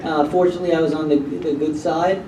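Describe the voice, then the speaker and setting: A man telling anecdotes to an audience in an animated, rambling way, recorded in an echoey hall from far off. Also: a little high, fast talker, slight background noise. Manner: animated, rambling, with many fillers. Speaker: actor telling anecdotes on a panel. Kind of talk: casual storytelling to an audience.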